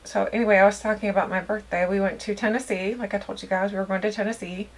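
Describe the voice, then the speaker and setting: A woman's voice: mid-range voice, fairly even intonation, quick pace. A woman chatting casually to her viewers while doing her makeup, rambling and poking fun at herself. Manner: chatty, rambling, self-deprecating. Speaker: beauty vlogger. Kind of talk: casual get-ready-with-me chat.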